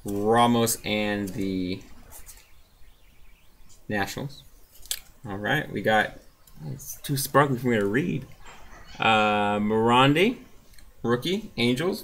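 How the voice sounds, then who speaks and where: Speaking slowly in a medium-pitched, slightly bright voice, a man pauses often while opening trading card packs. He reads out names and teams in a casual running commentary with relaxed side remarks.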